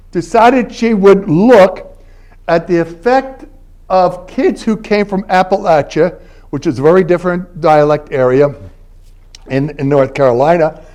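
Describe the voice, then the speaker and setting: Older man, eighties, Philadelphia-raised guest linguist; casual storytelling lecture, a touch high-voiced, keeps asking "all right?". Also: a little mellow. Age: 80s. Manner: conversational storytelling, frequent "all right?" check-ins. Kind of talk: university lecture. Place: university library event space.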